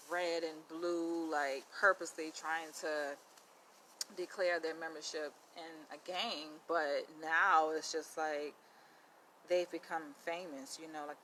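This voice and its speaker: A young woman in her twenties telling a story to camera in a chatty, animated way, with lots of "like" and "you know.". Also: on the low side, a little hiss or hum, poor audio. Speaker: vlogger.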